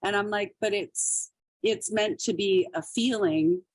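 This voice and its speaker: A woman's voice: mid-range voice, unhurried, no echo. Chatty woman comedian, dry sound. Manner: chatty, laughs often, acts out quotes. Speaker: podcast guest, comedian. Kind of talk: casual interview storytelling.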